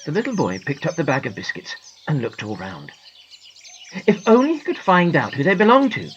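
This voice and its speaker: A woman narrating a children's storybook in a gentle, expressive manner. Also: low voice, brisk, muffled recording, a little hiss or hum.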